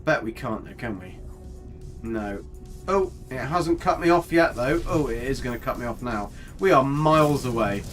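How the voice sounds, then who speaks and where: A man's voice: medium pitch, animated, moderate pace, faint music behind. A man giving casual, chatty live commentary on a game, talking to his character and his viewers with mild swearing. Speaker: gaming streamer.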